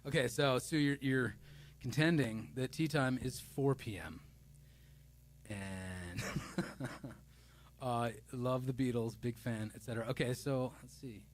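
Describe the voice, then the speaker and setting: A man's voice: medium pitch, slow, long pauses, slight background noise. Chatty man rambling on a live stream. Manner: rambling and playful, reading viewer comments aloud; loose and self-deprecating, with many restarts. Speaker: singer-songwriter hosting a live stream. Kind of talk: casual live-stream chat.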